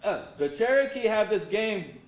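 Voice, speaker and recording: Older guy telling funny stories to a crowd, pretty high voice, echoey room. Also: lively intonation, moderate pace, slight background noise. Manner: folksy, humorous, addresses the audience directly. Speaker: symposium speaker. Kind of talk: storytelling talk to an audience. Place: lecture hall. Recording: roomy hall sound, faint ambience.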